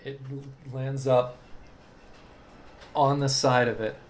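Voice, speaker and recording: A man's voice: mid-range voice, steady tone, slow. A man narrating as game master of a tabletop game. He rambles through the scene with many filler sounds. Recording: echoey room, background noise.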